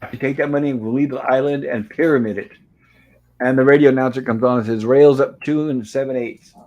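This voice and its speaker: A man's voice: mid-range voice, steady tone, fairly quick, a little mellow, dull audio. A man hosting a show, casually retelling old TV episodes scene by scene, reading the characters' lines aloud and adding dry asides. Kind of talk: casual recap and commentary.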